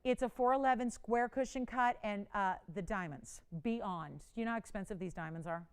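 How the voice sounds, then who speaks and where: A middle-aged woman hosting a live jewelry shopping show, giving an effusive, persuasive sales pitch that swings between soft confiding asides and loud excited bursts. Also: a little fast, clear, resonant tone. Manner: effusive and persuasive, repeats herself for emphasis. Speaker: shopping channel jewelry host.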